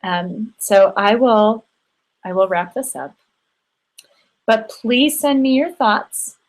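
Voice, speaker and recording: A woman's voice: on the high side, takes it slowly, poor audio. Affectionate woman hosting a circle. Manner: affectionate, encouraging, with frequent ums. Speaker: host of an online women's circle. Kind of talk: warm closing remarks to a live online group.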